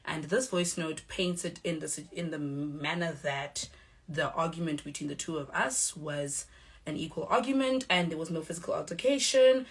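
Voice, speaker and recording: A young woman with a South African accent, giving a measured, firm statement straight to the camera. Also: deep voice, a bit bright. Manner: measured, firm, acts out quoted exchanges. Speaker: reality show cast member.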